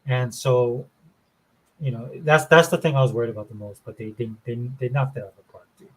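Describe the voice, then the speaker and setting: A man's voice: medium pitch, brisk, husky, poor audio. Enthusiastic rambling gaming show host, a man. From Florida. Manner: rambling and enthusiastic, says dude and man a lot. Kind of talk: casual gaming chat.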